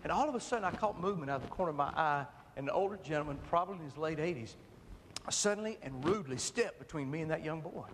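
Male preacher, high voice, passionate delivery, reverberant hall with faint noise. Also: animated, quick pace. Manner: impassioned, rising to shouts then dropping to soft storytelling. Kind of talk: sermon.

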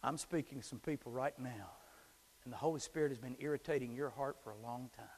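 A middle-aged man preaching a sermon as a pastor, swinging from hushed whispers to shouted climaxes. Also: medium pitch, fast talker, long reverb tail. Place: church sanctuary.

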